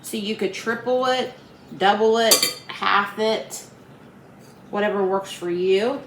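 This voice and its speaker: A woman's voice: mid-range voice, slow. Friendly Appalachian woman, home cooking host, chatty and upbeat, echoey kitchen. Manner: chatty, homey and upbeat, talking to viewers as friends. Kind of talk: casual cooking vlog. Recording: roomy kitchen with faint background hum.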